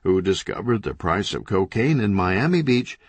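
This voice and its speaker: Husky low-voiced male audiobook narrator. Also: sing-song, moderate pace, dry recording. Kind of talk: scripted narration.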